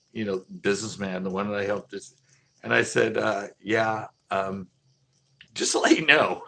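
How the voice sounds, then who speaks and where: A man's voice: fairly low pitch, creaky, fairly bright tone. A man who runs a local store, telling a casual live story in a rambling, profane way with many restarts. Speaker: local fish store owner.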